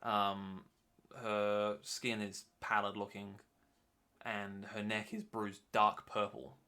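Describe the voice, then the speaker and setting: A man narrates a tabletop game as its game master, his voice a touch low but bright and forward. He hedges often, filling gaps with ums and "sort of" as he describes the scene. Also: completely flat delivery, takes it slowly. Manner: hesitant, lots of ums and "sort of".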